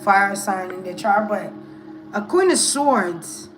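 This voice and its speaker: A woman's voice: medium pitch, lively intonation, slow, poor audio. Musing woman tarot reader over music. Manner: hesitant, musing, thinks aloud. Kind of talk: casual tarot reading monologue.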